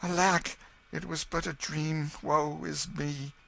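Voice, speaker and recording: A man voicing an imperious young boy king in an audiobook, with a higher, commanding voice. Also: little pitch movement, slow, creaky, pushed and bright, heavily acted. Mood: sorrowful. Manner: commanding, haughty boyish voice.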